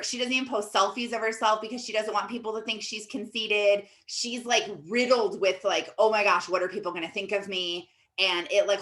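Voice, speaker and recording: A woman in her thirties talks casually as a coach, telling stories in a loose, animated way. Her speech is peppered with fillers and quick asides, in a voice of middling pitch. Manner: chatty, animated storytelling with many fillers. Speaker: life coach. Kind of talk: casual teaching talk.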